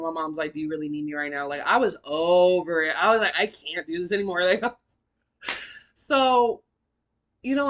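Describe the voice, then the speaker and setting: A young woman hosting a podcast, telling her own story in a blunt, profane, animated way with big swings in pitch and loudness. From California. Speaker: podcast host. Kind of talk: candid personal storytelling.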